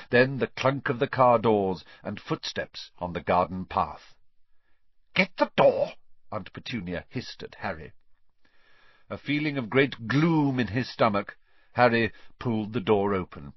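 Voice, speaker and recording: A man reading a children's novel aloud as an expressive narrator. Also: fairly low pitch, breathy edge, dry recording, muffled recording. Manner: expressive storytelling. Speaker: audiobook narrator. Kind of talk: scripted narration.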